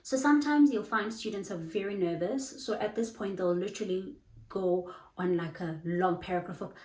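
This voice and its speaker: A woman's voice: mid-range voice, moderate pace, echoey room, rough recording. A young woman, a bubbly online English tutor giving casual teaching advice and acting out little dialogues. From South Africa. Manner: bubbly, lively, acts out dialogues.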